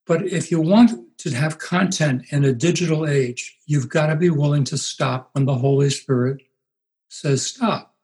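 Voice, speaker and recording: A man in his eighties, a pastor being interviewed, telling stories in an unhurried way and acting out the voices he quotes. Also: on the high side, darkish tone, poor audio. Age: 80s. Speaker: pastor and guest. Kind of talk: reflective storytelling interview.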